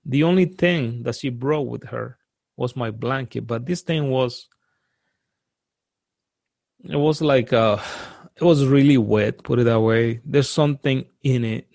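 A man tells a frightening personal experience in a halting, earnest way, often repeating words and starting over. His voice is gravelly with a mid-range pitch. The recording is close and dry. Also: a little mellow, no echo. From outside the US, now lives in the US. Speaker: guest telling a personal story.

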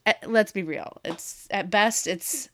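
A woman with an American accent co-hosting a podcast, telling stories in a bawdy, animated way with plenty of laughter. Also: medium pitch, takes it slowly. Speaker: podcast co-host. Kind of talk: casual chat.

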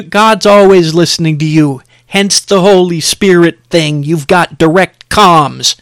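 A man's voice: on the high side, a little slow, hardly any pauses, a bit bright, dry recording, studio quality. A middle-aged man hosting a podcast, preaching in an emphatic, exhorting way and repeating phrases for effect. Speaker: podcast host. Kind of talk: preaching, sermon-like podcast talk.

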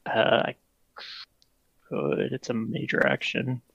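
Man, tabletop game player, gravelly voice, casual and joking, dry dull recording. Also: medium pitch, expressive, takes it slowly, fairly bright tone, no echo. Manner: casual, joking, thinks aloud. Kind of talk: tabletop role-play chat.

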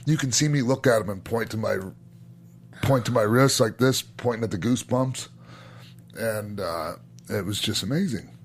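At a normal pace and with a lowish voice, a middle-aged man who used to wrestle swaps old stories on the podcast he co-hosts. His storytelling is casual and eager, full of free swearing and restarted sentences.

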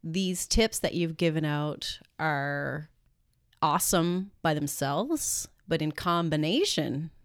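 A woman with a notably low voice, co-hosting a casual podcast. She teases and laughs along as she chats, and the close microphone sounds dry. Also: lively intonation, slow pace, no echo. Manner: warm, teasing, laughs along. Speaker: podcast co-host. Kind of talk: casual advice chat.

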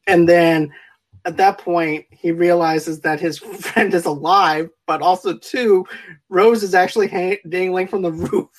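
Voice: medium pitch, steady tone, unhurried. Rambling movie-chat co-host. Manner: rambling, with many fillers and restarts. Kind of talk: casual movie review chat.

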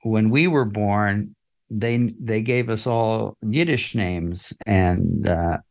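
A man's voice: lowish voice, slow, vocal fry, darkish tone. An older man, a guest in an interview, recalling his past in a reflective, chuckling way with many fillers and restarts. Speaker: interview guest, musician and author. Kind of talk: casual interview storytelling.

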